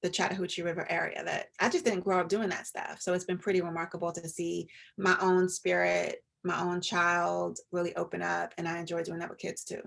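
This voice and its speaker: A woman psychologist giving an informal, chatty talk to parents, animated and now and then dropping into a soft whisper to show a point. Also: fairly low pitch, fairly quick, creaky, hardly any pauses. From US, Atlanta area. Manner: chatty and animated, often drops to a demonstrative whisper.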